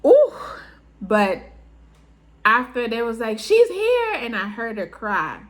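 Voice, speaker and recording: A woman with a high, lively voice that swoops up and down, unhurried as she tells a personal story to her viewers. She laughs often and slips into what others said along the way. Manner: animated, laughing often, acts out quotes. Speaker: vlogger. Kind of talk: casual storytelling to camera.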